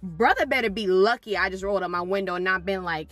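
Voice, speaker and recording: A young woman tells her delivery-driver stories in a relaxed vlog style. Her voice is bright and crisp, and she slips into little voices for the people she quotes. Soft music plays faintly underneath. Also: medium pitch, brisk, no room sound. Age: young adult. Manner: animated, acts out quotes with shifting voices. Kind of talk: casual storytime.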